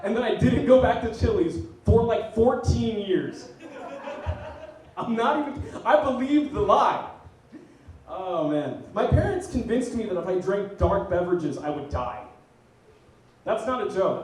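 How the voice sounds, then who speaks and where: A man's voice: high-pitched, animated, a little slow, a little mellow, recorded from a distance. A young man doing a stand-up comedy set and hosting, telling self-mocking stories and laughing at his own jokes. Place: student comedy night venue. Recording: very echoey room, mic heard from afar, faint noise.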